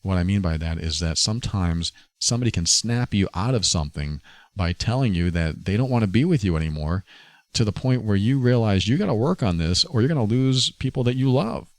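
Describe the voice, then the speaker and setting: A man's voice: lowish voice, animated, a little fast, no echo. A man hosting a podcast, talking earnestly and confessionally about his own experience. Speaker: podcast host. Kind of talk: personal reflective monologue.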